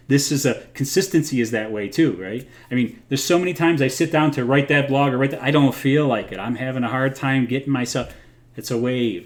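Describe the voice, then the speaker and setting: A man hosting a live talk from home, speaking earnestly and encouragingly, laughing softly at himself now and then. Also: medium pitch. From United States. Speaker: host of a livestream. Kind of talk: casual motivational talk.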